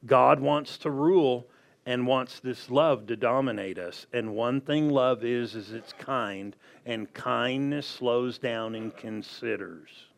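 Male pastor, unhurried sermon delivery, scripture readings, rhetorical questions. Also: medium pitch, gravelly. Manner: slow, deliberate preaching with scripture reading.

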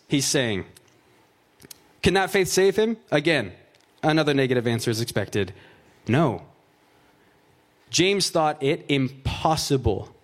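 Casual, joking preacher man. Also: on the high side. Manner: casual, joking asides, fillers of "like" and "right?". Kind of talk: conversational sermon with scripture reading.

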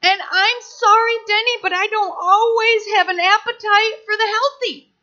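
A woman pastor delivers a sermon in a high, bright voice, talking to the congregation like she is chatting with them and slipping into the voices of the people she quotes. She sounds middle-aged, and her delivery is heartfelt and energetic. The recording is somewhat dull and lo-fi. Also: moderate pace. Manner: impassioned, conversational preaching with acted-out quotes.

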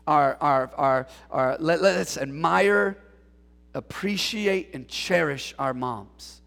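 A man preaching a lively sermon in a church, calling on the congregation to respond and mixing in jokes. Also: fairly high pitch, slow, creaky, long reverb tail. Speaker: pastor. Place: church sanctuary.

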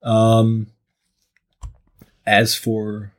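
A man's voice: on the low side, monotone, drawn-out words. A man answering interview questions as a podcast guest, hesitant and searching for words. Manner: hesitant, many fillers and restarts.

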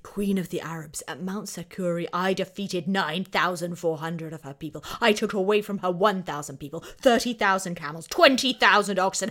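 A woman putting on the voice of a boastful ancient male warrior king, loudly proclaiming his conquests. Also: mid-range voice, natural voice. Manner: loud proclaiming recital of conquests.

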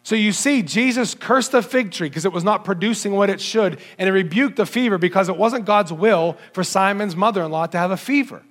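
High-voiced man preaching a lively sermon. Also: fairly quick, few pauses. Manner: animated, sweeping between low and high pitch when quoting scripture; audience-addressing with rhetorical questions.

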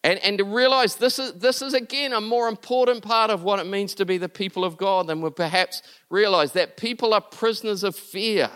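Male pastor, high and smooth voice, earnest sermon delivery that rises and falls. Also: a little fast, hardly any pauses. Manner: earnest, building to emphatic peaks, then dropping soft and low.

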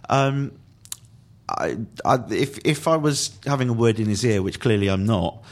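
Halting, low-voiced man. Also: lively intonation. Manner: halting, many restarts, careful. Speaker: podcast guest. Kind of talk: casual football podcast chat.

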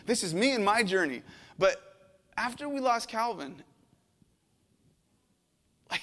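A middle-aged man preaching a sermon as a pastor, earnest and emotional, swinging from hushed to intense. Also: very high-pitched, animated, normal speed, pauses often, big-room sound. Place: church sanctuary.

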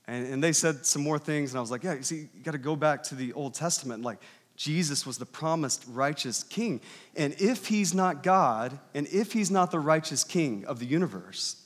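A man preaching as a pastor, telling a story in a conversational way and building to emphatic passages. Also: on the high side. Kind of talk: sermon. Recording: long hall reverb.

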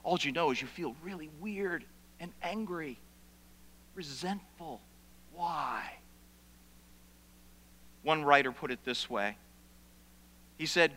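A man's voice: a little high, lively intonation, slow, pauses often. Impassioned male preacher in a reverberant hall. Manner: preaching with wide swings from hushed to loud. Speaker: pastor. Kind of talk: sermon.

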